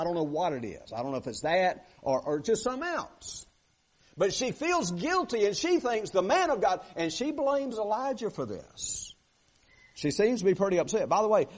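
Guy preaching, high voice swinging all over, keeps asking the crowd stuff. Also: breathy edge. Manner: animated, asks the congregation questions, reads scripture aloud. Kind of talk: sermon.

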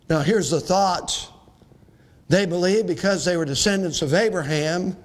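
A man, a pastor, preaching a sermon emphatically, slowing down and dropping his voice when he quotes scripture. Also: high voice.

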